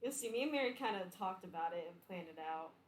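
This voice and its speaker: A woman player in a tabletop game, chatting casually with quick, laughing asides. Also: on the low side, animated, a little hiss or hum. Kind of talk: casual chat and tabletop role-play. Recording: echoey room.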